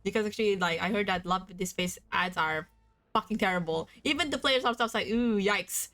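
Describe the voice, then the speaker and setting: A woman's voice: medium pitch, a little fast, a bit bright. A young woman live-streaming herself reading a visual novel aloud, breaking into giggly, slangy asides between stretches of dramatic narration.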